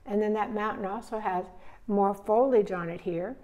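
A woman teaching painting, relaxed and thinking aloud step by step as she paints. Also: mid-range voice, moderate pace, muffled recording. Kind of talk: narrating a live painting demonstration.

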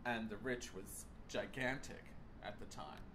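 A man's voice: on the low side, measured pace, bright, forceful tone, a little hiss or hum. A man hosting an interview, enthusiastic and gushing, mixing in bits of French. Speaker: interview host. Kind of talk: casual interview.

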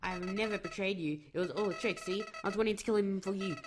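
A man's voice: high voice, fast talker, over music, pitched above the performer's own voice, natural voice. A man voicing a small two-faced flower creature that begs in a rush of pleas while reading game lines aloud. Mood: pleading. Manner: begging, breathless rush of pleas.

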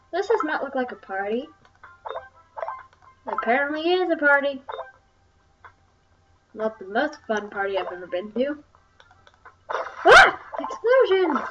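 A woman's voice: fairly high pitch, background noise. A young woman casually commenting on browser games as she plays, chatty and wandering, with many ums. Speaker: gaming channel host. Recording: distant, dull lo-fi mic with faint music. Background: faint game music.

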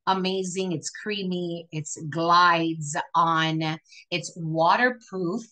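A woman with a low, bright voice hosts a live makeup tutorial. She is chatty and encouraging, explaining each step to her viewers as she goes. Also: fairly even intonation, takes it slowly, low-quality recording. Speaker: makeup demonstrator.

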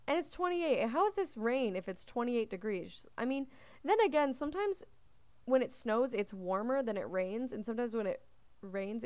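Chatty young woman with a smooth voice. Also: fairly high pitch. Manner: chatty and gushing, coos over cute moments; reads on-screen game text aloud. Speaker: let's play host. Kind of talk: casual gameplay commentary.

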